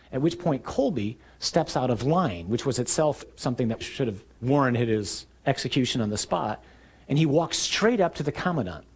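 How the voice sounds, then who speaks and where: A man preaching a sermon, telling stories vividly and acting out scenes, rising to shouts and dropping low and quiet for emphasis. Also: expressive, normal speed, slightly rough. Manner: storytelling, acts out scenes with raised shouting voice.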